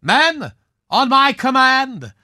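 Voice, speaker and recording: Man voicing a knighted old-school film star, pompous, theatrical, slow grand drawl, high bright voice, dry studio sound. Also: sing-song, no echo, exaggerated voice. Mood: mock menacing. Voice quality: grandiloquent, theatrical, drawn-out delivery. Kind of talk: comedic radio character bit.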